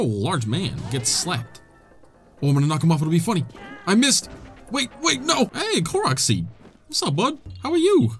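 A young man hosting a gaming channel, giving playful, jokey let's-play commentary and chatting to the characters on screen. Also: fairly high pitch.

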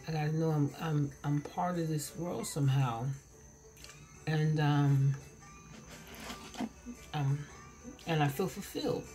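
A woman's voice: sits low, dark tone. A woman in her forties vlogging at home while eating, rambling and chatty, recorded on her camera. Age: 40s. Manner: rambling, self-interrupting, chatty. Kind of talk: casual vlog while eating. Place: home, indoors. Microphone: camera mic.

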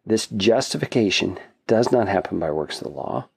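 A man's voice: on the low side, animated, moderate pace, vocal fry, slightly rough. A man teaching a Bible passage in an earnest, explanatory way, thinking aloud as he goes. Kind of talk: casual Bible study teaching.

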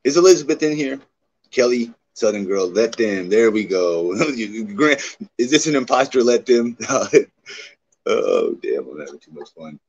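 A man livestreaming in casual chat, profane and excitable, reacting to his chat. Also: medium pitch, moderate pace. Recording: dull lo-fi stream audio, faint noise.

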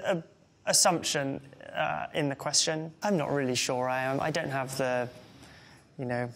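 A man's voice: mid-range voice, gravelly, a bit bright, slight background noise. A man in his twenties with an English accent reads questions aloud and answers them with wry, self-deprecating humor. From England. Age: 20s. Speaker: interviewee.

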